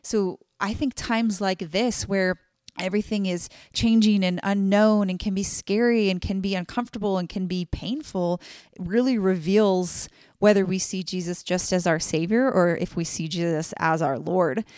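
A woman's voice: mid-range voice, moderate pace, darkish tone, no echo, studio quality. A woman co-hosting a casual Bible study podcast, talking earnestly with many fillers. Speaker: podcast co-host.

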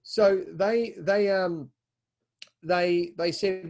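Animated Australian man, fairly high voice. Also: fairly quick. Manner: animated, repeats words when heated. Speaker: podcast guest. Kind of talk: casual conversation.

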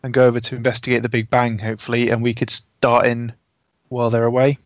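A man's voice: mid-range voice, little pitch movement, fast talker, no echo. A man playing a tabletop game, thinking aloud and often repeating words as he plans. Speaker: player. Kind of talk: casual tabletop game chat.

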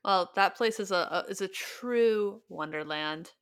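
A young woman co-hosting a laid-back podcast, teasing her partner with playful jabs. Her voice sits at an ordinary middle pitch for a woman, and she talks casually. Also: measured pace, fairly bright tone, smooth. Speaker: podcast co-host.

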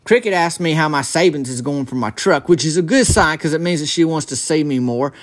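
Young man, folksy rambling monologue, halting restarts, slightly high voice. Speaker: storyteller.

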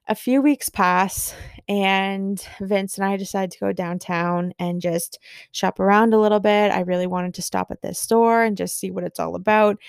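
A young woman hosting a podcast, telling a story in a gushing, excitable way with lots of fillers. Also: mid-range voice, creaky, smooth, dry recording, clean studio sound. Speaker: podcast host. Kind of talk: casual storytelling monologue.

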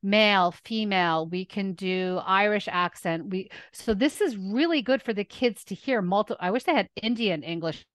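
Quick-talking woman. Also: mid-range voice, dry recording. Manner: lively, quick, laughs often. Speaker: interview guest, online ESL teacher. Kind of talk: casual interview chat.

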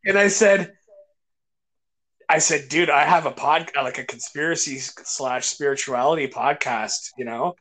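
A man's voice: a little high, measured pace, fairly bright tone. Man, podcast host, casual chat, enthusiastic storyteller, many restarts.

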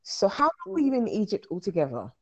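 A woman's voice: medium pitch, wildly swooping pitch, fast, highs cut off. A woman hosting a casual podcast chat, reacting and asking follow-up questions. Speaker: podcast host.

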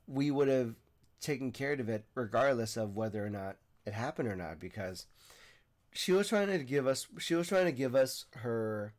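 A young podcast host with a mid-range, slightly mellow voice talks earnestly in a casual monologue. He rambles and frequently restarts his sentences.

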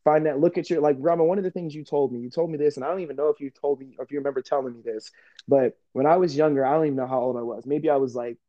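A man hosting a podcast in a casual, animated chat, laughing often as he acts out old conversations. His voice sits a bit high but sounds soft and mellow. The recording is dry and slightly muffled. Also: very fast, no room sound. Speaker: podcast host.

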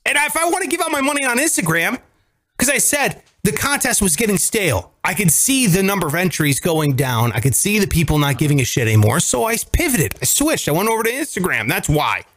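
A man hosting a casual podcast chat, telling stories with lively acted-out quotes. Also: high-pitched, brisk. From greater Cleveland area. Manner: animated storyteller, acts out quotes. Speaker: podcast host.

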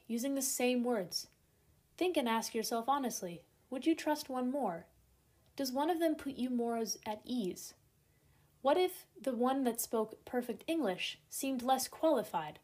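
A woman giving a prepared talk, calmly addressing the listener. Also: on the high side. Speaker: speaker.

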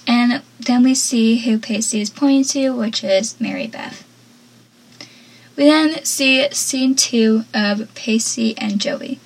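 Woman host for a casual show recap, chatty and enthusiastic, husky and fairly high. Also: sing-song, slow pace, poor audio. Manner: chatty and enthusiastic, with asides and laughs.

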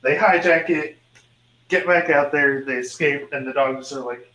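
A man's voice: a little high, measured pace, fairly bright tone. A man retelling a movie plot in casual chat, laughing often and swearing freely as he rambles. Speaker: podcast co-host. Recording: roomy, distant mic, faint noise.

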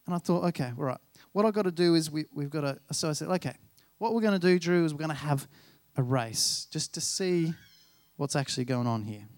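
High-voiced pastor telling stories. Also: male voice, expressive, brisk, dry recording. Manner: chatty, self-deprecating, acts out dialogue. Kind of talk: sermon with personal storytelling.

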